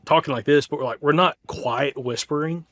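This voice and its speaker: A young man with a Southern US accent tells a hunting story on a casual podcast, with a voice that sits a little higher than most men's. He talks in an animated way, breaking off and restarting often and filling his sentences with "like". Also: fairly quick. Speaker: podcast co-host.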